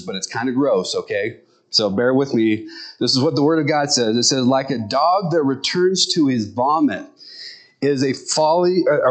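Middle-aged man preaching, fairly high voice. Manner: conversational preaching, acts out lines in high squeaky voices. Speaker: pastor. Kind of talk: sermon.

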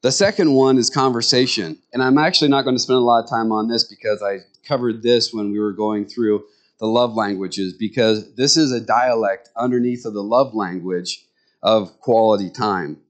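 A middle-aged man preaching a sermon in a folksy, conversational way, full of rambling asides, jumping up in pitch when he acts out what others say. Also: steady tone, moderate pace. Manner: jumps to high pitch when acting out others' words. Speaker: pastor.

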